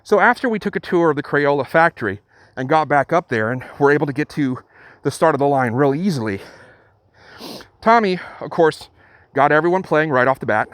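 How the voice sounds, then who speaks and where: A middle-aged man narrates a personal story for his channel in an earnest, halting way, often restarting his sentences. His voice sits a touch higher than most men's. The sound is dry and close, with no room around it. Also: expressive, fairly bright tone, dry recording. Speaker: channel host. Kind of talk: storytelling vlog.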